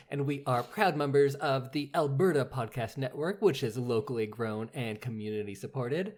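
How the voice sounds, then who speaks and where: A male podcast host in loose, casual chat, with a voice of middling pitch for a man. He rambles, trips over a few restarts and jokes about himself with easy self-mockery. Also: normal speed, hardly any pauses. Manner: rambling, self-deprecating joking.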